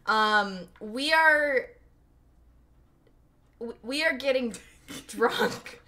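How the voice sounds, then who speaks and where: A young woman in her twenties hosts a laid-back livestream from home, giggling as she talks to her viewers. Her voice is bright and sits a little high, with a lively, bouncing melody. She sounds a bit tipsy. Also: drawn-out words. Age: 20s. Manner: giggly, animated, talks to chat. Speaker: streamer host. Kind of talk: casual livestream chat.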